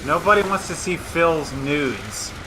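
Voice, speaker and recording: A man's voice: on the high side, expressive, measured pace, noisy background. A man co-hosting a video game session, teasing and joking with the player. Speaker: co-host. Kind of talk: casual gameplay banter.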